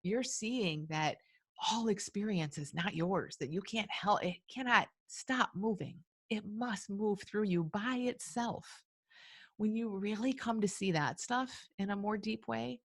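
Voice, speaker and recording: A woman's voice: medium pitch, a little slow, no room sound, studio quality. A woman hosting a live webinar, answering listener questions in a reflective way with many fillers. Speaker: webinar host and coach.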